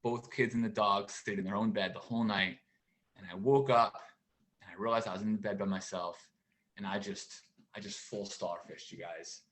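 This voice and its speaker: A man in his forties doing a stand-up comedy routine from home for a virtual show, with a halting, deadpan delivery and many pauses. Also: lowish voice. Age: 40s.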